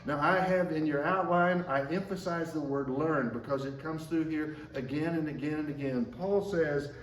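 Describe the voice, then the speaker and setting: A man preaching a sermon at a measured pace, slowing down when he quotes scripture. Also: a little high, recorded from a distance, a little hiss or hum. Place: church sanctuary. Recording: echoey room, mic from afar.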